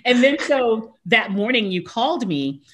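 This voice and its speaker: A woman hosting an interview, excitably telling a story and acting out her own reactions with frequent laughs. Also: a little high, measured pace. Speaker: talk show host, voiceover artist. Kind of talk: casual interview chat.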